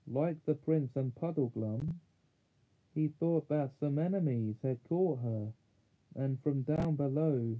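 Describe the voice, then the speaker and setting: Male storybook reader, slow and measured, mid-pitched, narrow phone-like sound. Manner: slow, measured, small slips corrected. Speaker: audiobook reader. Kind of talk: chapter book read-aloud.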